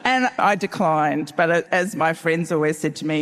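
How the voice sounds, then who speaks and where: A woman's voice: low-pitched, moderate pace. Middle-aged Australian woman, wry live storyteller on a town hall stage, long hall reverb. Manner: wry, animated, acts out dialogue. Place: large town hall stage before an audience. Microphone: stage mic.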